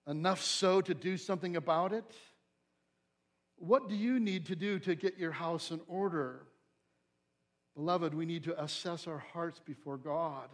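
A pastor preaching a fervent sermon, building to emphatic, searching questions to his listeners. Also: high-pitched.

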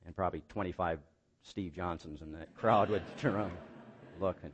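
A man's voice: low-pitched, moderate pace, husky. A man preaching a sermon as pastor, building emphatic points with rhetorical questions and folksy, self-deprecating asides.

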